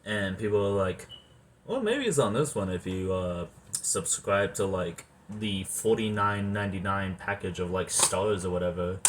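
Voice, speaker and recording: Rambling, animated low-voiced young man. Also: moderate pace, a little hiss or hum. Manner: animated, swears often, trails off with fillers. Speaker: movie reviewer. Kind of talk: casual rambling chat.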